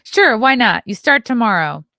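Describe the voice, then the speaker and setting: A woman's voice: fairly high pitch, very animated, moderate pace, bright, forceful tone, no echo, clean studio sound. A woman hosting a casual live stream, reading news aloud and adding sarcastic asides to her chat. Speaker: show host.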